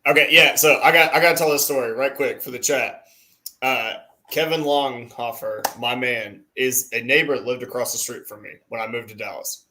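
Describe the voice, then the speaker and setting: Give me a man with an average-pitched voice, co-hosting and telling a funny story, laughing as he goes. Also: steady tone, normal speed, noisy background. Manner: laughing storyteller, acts out quotes. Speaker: co-host. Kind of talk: casual chat.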